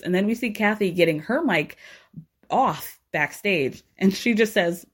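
A woman's voice: medium pitch, lively intonation, moderate pace. A woman casually recapping a reality show, sarcastic and chatty, acting out what people said. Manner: chatty, sarcastic, quotes people in her own voice.

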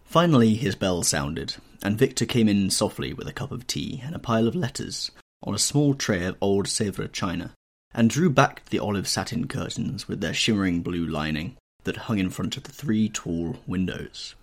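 Male audiobook narrator, low-ish, very animated intonation, measured reading. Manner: expressive, measured storytelling. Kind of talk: scripted narration.

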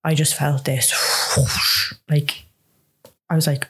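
Low, flat-voiced Irish woman telling her story. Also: slow, slightly rough. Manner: earnest, frank, lots of "like" fillers. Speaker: guest. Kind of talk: recounting a personal story in conversation.

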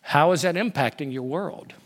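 A man putting on a deep-voiced old pastor in his eighties. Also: in a large hall, natural voice. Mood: gently probing. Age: 80s. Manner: slow, quiet, probing. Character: elderly blind male pastor, deep-voiced, patient.

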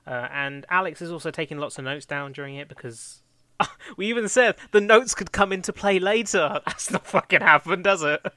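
Young guy, bright tone, dry close sound, casual rambling planning chat. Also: on the high side, moderate pace, no echo. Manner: rambling, self-correcting, laughs often. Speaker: fan script co-writer.

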